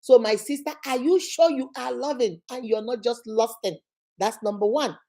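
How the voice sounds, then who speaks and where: A woman's voice: fairly high pitch, moderate pace, warm tone. A woman host giving relationship advice straight to the viewer, firing off rhetorical questions and calling her "my sister". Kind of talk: direct-address advice talk.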